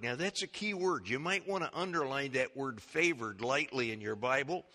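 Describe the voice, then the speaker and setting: A man preaching a sermon, reading scripture in a slow, measured way and then teaching the congregation with questions. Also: medium pitch, bright, forceful tone. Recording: long echo of a large hall.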